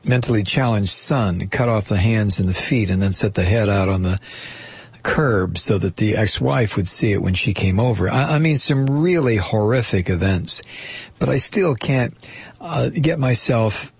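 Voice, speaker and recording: A man with a husky, somewhat low voice hosts a talk radio show from a dry studio mic. He muses aloud haltingly, full of ums and restarts. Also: no echo. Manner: halting, musing, with many fillers and restarts.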